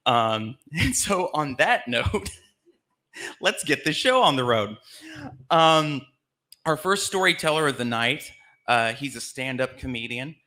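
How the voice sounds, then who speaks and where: Male host from Alabama, chatty live storyteller with a bright, forceful voice. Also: medium pitch, big pitch swings, measured pace, pauses often. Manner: chatty, laughing as he tells it. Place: live theater stage.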